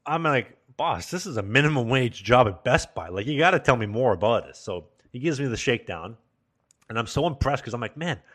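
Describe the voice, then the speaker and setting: A man's voice: medium pitch, brisk. Laughing young man telling a crude story. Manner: laughing, crude, animated anecdote. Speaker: podcast host. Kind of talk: casual storytelling chat.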